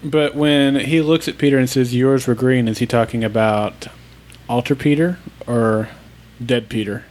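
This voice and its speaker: Male podcast co-host from Oklahoma, mid-pitched, easygoing, reads mail and jokes with co-hosts. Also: steady tone, moderate pace, a little mellow. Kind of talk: casual podcast chat, reading listener emails.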